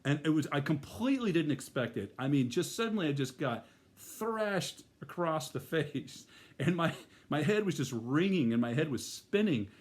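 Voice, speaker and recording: A man's voice: fairly high pitch, expressive, normal speed, darkish tone. A middle-aged man telling a personal story in a casual, rambling way, full of fillers and restarts. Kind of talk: first-person spoken storytelling.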